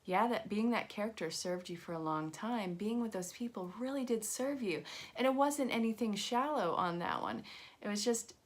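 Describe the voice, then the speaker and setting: A woman's voice: mid-range voice, animated, moderate pace. A woman giving a casual live-streamed card reading, chatty and reassuring as she talks straight to her viewers. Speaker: angel card reader.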